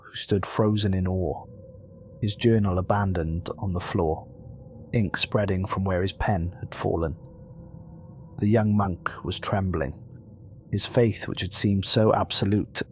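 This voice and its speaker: A man reading a first-person horror story in a steady, earnest narration. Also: fairly low pitch, a little hiss or hum.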